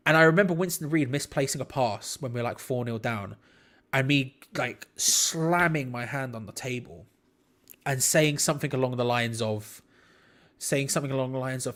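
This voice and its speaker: Young male host, chatty rambling match watch-along commentary, mid-pitched. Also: normal speed, a bit bright. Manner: chatty, rambling, self-deprecating. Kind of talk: casual live match commentary.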